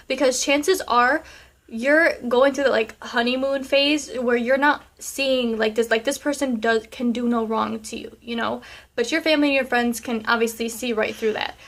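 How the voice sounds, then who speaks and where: Young woman vlogger, kinda high voice, sassy and chatty, lots of um and like. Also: a bit bright. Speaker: vlogger answering viewer questions. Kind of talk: casual chat.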